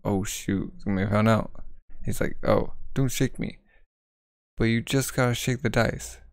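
A man's voice: fairly low pitch, steady tone, normal speed, gravelly, dry recording. A man casually reading a manga aloud, rambling with lots of fillers and asides. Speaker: comic reader. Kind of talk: casual read-along of a manga.

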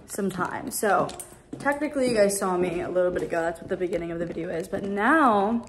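A woman's voice: mid-range voice, brisk, a little hiss or hum. Young woman vlogger, mid-range voice, casual rambling chat, echoey apartment room. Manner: chatty, rambling, lots of "like". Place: her apartment. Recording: roomy echo.

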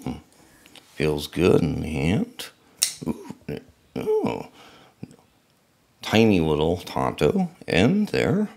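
A man's voice: rumbling low, huge pitch swings, very slow, vocal fry, pauses often, darkish tone. A man casually unboxing and reviewing a knife, musing to himself as he handles it.

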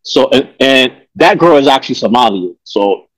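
A man's voice: mid-range voice, expressive, normal speed, no echo, low-quality recording. A man, talking in a rambling, streetwise way on a casual panel discussion. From New York.

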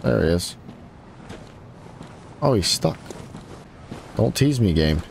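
A man's voice: lively intonation, slow, creaky, very noisy. A man commentating his own gameplay, taunting enemies and his voice shooting up when frustrated. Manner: trash-talks enemies, voice jumping high when frustrated. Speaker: gaming YouTuber. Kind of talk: let's play commentary. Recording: game sounds behind voice.

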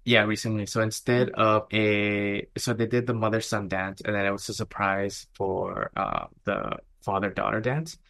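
A man's voice: fairly low pitch, normal speed, vocal fry, hardly any pauses. A young adult man, a wedding filmmaker chatting as podcast co-host, telling stories animatedly and filling with "like". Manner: animated storytelling, filler-heavy. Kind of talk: casual podcast chat.

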